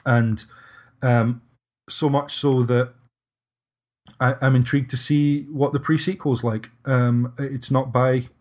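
A man's voice: medium pitch, fairly even intonation, slow pace, pauses often, a little mellow. A man hosting a casual podcast discussion, hesitant and often restarting his sentences. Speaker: podcast host.

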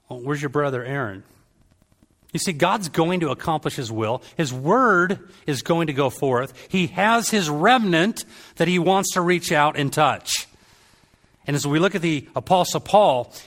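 Middle-aged male preacher, slightly high voice, animated storyteller who acts out the people he quotes. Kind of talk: sermon.

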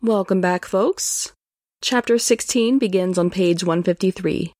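A woman hosting a podcast reads a novel chapter aloud and breaks off for wry, chatty asides. Her voice sits a bit low. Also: measured pace, darkish tone, faint music behind. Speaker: podcast host reading a novel. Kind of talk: reading aloud with commentary.

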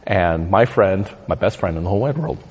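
A man telling a story as a podcast guest, animated and laughing, acting out shouted quotes. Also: sits low, brisk, in a large hall, crowd noise. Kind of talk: casual storytelling.

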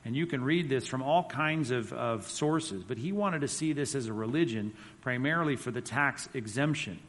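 A man's voice: mid-range voice, moderate pace, a bit bright. A man teaching a church class with slides, in a conversational, emphatic way. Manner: conversational, emphatic, reads quotes aloud. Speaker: Bible teacher. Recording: long reverb of a hall.

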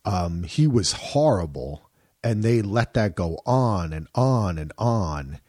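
Husky, animated man chatting casually. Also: fairly low pitch, slow, no room sound, clean studio sound. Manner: animated, laughs, mimics people in quoted bits. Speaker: podcast co-host. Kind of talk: casual chat.

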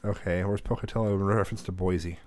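A man in his thirties telling a story in a casual chat, animated and profane, acting out the voices of the people in it. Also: deep voice, fast talker, dry recording.

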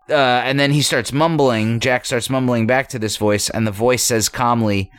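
A man in casual chat, talking through a story he read, halting with many restarts and fillers. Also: mid-range voice, steady tone, clear, resonant tone, no echo. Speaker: story discussion co-host.

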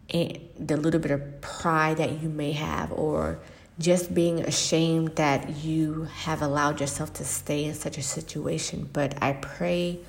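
A woman with a low, gravelly voice hosts a faith-based podcast monologue. She speaks in a flat, even tone, earnest and reflective, pausing often and filling gaps with soft ums. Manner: earnest and reflective, with frequent pauses and fillers. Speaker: podcast host. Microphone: podcast microphone.

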